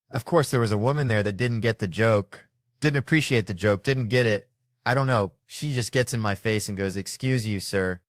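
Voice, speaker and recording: Brash deep-voiced male stand-up comic. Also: no room sound. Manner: brash, acts out voices in his stories. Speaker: stand-up comedian. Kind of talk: stand-up comedy set.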